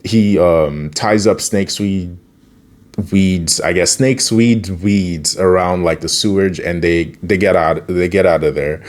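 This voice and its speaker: Young man, low voice, casual recap, rambling, laughs a lot. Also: a little slow. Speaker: youtuber recapping a cartoon episode.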